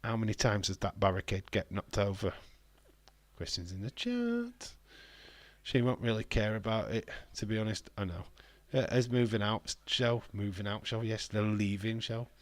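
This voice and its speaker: A man hosting a live wrestling watch-along, chatty and excitable, swearing casually. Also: fairly low pitch, moderate pace, few pauses, dry recording. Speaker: livestream host.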